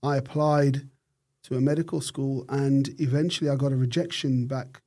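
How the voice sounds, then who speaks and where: A middle-aged man from the United Kingdom, a neurosurgeon guest telling his story in an interview with thoughtful pauses and frequent restarts. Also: medium pitch, fairly even intonation, warm tone.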